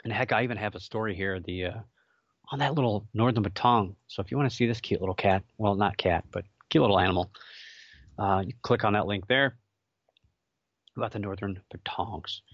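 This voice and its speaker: A man's voice: fairly low pitch, fairly quick, no echo, muffled recording. A man hosting a casual solo show, chatty and rambling with jokey asides and many fillers. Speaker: podcast host.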